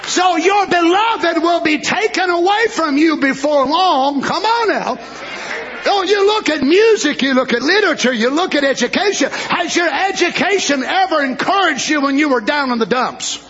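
A man preaching a sermon with fervor, climbing into shouted, rhythmic declarations and acting out voices of people in the story. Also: lively intonation, moderate pace, dull audio. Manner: high, bright preaching voice, rising to shouted fervor.

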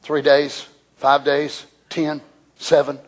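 An older man preaching a fervent sermon as pastor in a church, shouting at times and dropping to hushed tones. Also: fairly high pitch, completely flat delivery, takes it slowly. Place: church sanctuary.

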